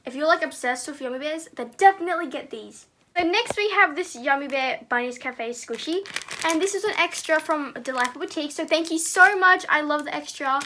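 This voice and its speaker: A teenage girl reviewing squishy toys in a casual, gushing way, sometimes dropping to a soft murmur. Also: high voice, brisk, a little hiss or hum. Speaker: squishy haul vlogger.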